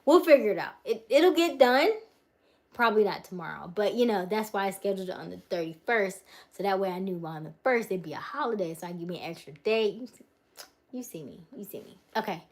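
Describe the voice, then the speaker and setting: This livestream host talks fast in an expressive, mid-range voice, chatting casually from her home during a move. She answers viewers' comments out loud, laughing often and trailing off.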